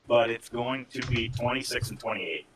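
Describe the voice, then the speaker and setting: A man's voice: medium pitch, normal speed, fairly bright tone, slight background noise, poor audio. A man playing a tabletop game, talking eagerly in casual chat. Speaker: player.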